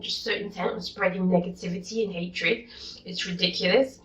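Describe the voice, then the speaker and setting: A young woman vlogging a rant, exasperated and indignant, going from low muttering to loud outbursts. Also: fairly even intonation, moderate pace. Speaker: YouTuber. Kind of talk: vlog rant reading comments. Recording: dull echoey room, mic at a distance.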